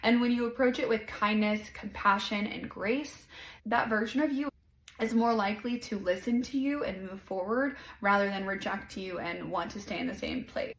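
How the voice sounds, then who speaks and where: A woman hosting a casual self-help podcast, talking in a gentle, encouraging way and saying "like" often. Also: medium pitch, moderate pace, reverberant, rough recording. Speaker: podcast host.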